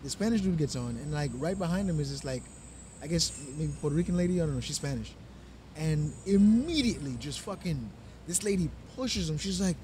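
A man's voice: fairly high pitch, expressive, fairly quick, a little mellow, a little hiss or hum. A man, co-hosting a podcast and telling a long, profane story with many restarts. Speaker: podcast co-host. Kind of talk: casual storytelling chat.

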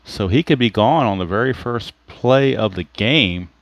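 Sitting at his home computer, a man narrates a tabletop baseball replay, walking through the ratings and each dice roll while musing over the rules. His voice is on the low side and he talks at a normal speed. The audio is dull, with no echo.

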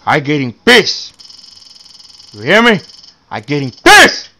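A man's voice: medium pitch, expressive, measured pace. A man voicing a hot-tempered gangster boss while commentating gameplay, with broken, profane threats. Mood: menacing. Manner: broken English, profane threats, shouting bursts. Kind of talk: in-character game commentary.

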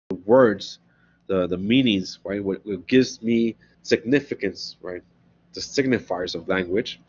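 A man lecturing on philosophy in a relaxed, conversational manner, often pausing to ask his listeners "right?". His voice sits low and has a husky edge. The recording is dull and lo-fi.

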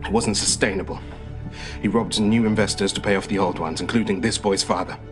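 A man's voice: fairly low pitch, steady tone, over music, close to an everyday voice. A man playing a grim crime-drama storyteller. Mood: grave. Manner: grave, measured storytelling.

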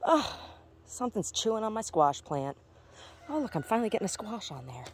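Walking through her backyard garden, a woman vlogs casually with a medium-pitched, sing-song voice and a brisk pace. She chats, mutters to herself, and slips into sing-song baby talk to coo at her chickens. There's slight background noise.

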